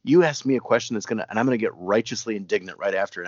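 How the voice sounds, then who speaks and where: A man's voice: on the low side, rapid-fire, no room sound, muffled recording. A man on a podcast, chatting casually and rambling with lots of fillers. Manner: rambling, many fillers, laughs often. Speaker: podcast co-host. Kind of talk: casual chat.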